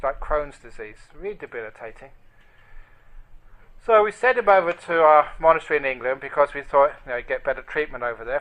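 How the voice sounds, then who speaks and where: A man giving a storytelling dharma talk as a monk, speaking gently and dropping to a near whisper at tender moments. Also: fairly high pitch, poor audio. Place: meditation group hall.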